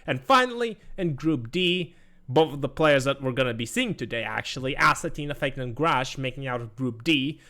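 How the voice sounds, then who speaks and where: A man's voice: mid-range voice, animated, moderate pace, pushed and bright. A man casting an esports tournament, walking through results with small self-deprecating jokes. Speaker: esports caster. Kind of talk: tournament commentary.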